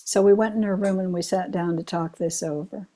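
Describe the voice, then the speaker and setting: An older woman, a retired chaplain, gives a Zen dharma talk rich with personal stories. Her voice is fairly low with fairly even intonation, and she tells it unhurriedly, laughing gently.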